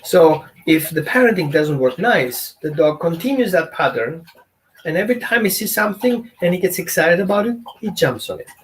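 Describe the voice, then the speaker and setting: A man's voice: high voice, lively intonation, moderate pace, a little hiss or hum. A man teaching as a dog trainer in a casual, conversational way, often asking his audience questions. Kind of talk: informal teaching talk.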